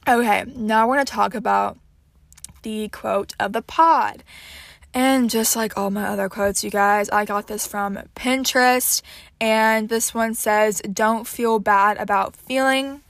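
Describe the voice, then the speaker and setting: A woman's voice: medium pitch, steady tone, a little slow, gravelly, no room sound. A nineteen-year-old woman from Houston hosting her podcast in a casual, scatterbrained chat with lots of fillers. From Houston, Texas. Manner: chatty and scatterbrained, many fillers. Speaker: podcast host.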